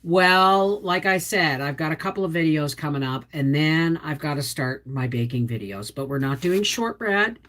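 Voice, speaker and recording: A woman's voice: sits low, normal speed, hardly any pauses, a bit bright. A middle-aged woman from Quebec chatting casually on a livestream, greeting viewers by name. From Quebec, Canada. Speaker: homestead channel host. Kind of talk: casual livestream chat reading comments.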